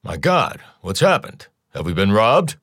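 A nervy, well-off middle-aged husband, as a male narrator gives him voice, low-pitched but jumping up when frightened. The recording is dry and close. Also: sing-song, unhurried, fairly bright tone, no echo, heavily acted. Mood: alarmed. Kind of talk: audiobook character voice.

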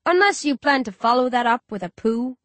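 A woman's voice: a little high, lively intonation, fairly quick, a bit bright, no room sound. A woman voicing a crude, smug male villain who simpers and talks down to others. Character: crude smug male child-killing creep.

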